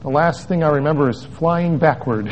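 A man's voice: a little high, moderate pace, a little hiss or hum. A man preaching as a pastor, reading a story aloud with wry asides and chuckles, on a dull lo-fi recording. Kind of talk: sermon with a read-aloud story.

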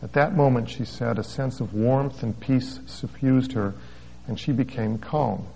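Wry pastor reading a story aloud. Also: male voice, medium pitch, a little slow, creaky, dark tone, a little hiss or hum. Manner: storytelling with wry asides, chuckling. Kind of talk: sermon with a read-aloud story. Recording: dull lo-fi recording.

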